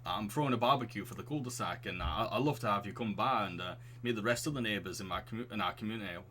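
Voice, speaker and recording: A man's voice: on the low side, fast talker, pushed and bright, slight background noise. A man voicing a friendly, clean-cut male neighbour who is a youth minister, with a Northern English accent and a chatty, slightly awkward manner. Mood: cheerful.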